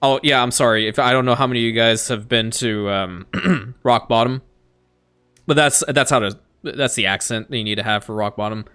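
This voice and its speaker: Excitable man narrating his gameplay. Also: medium pitch, moderate pace, clear, resonant tone. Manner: excitable, talks to game characters, laughs often. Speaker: gaming YouTuber. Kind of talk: casual let's-play commentary.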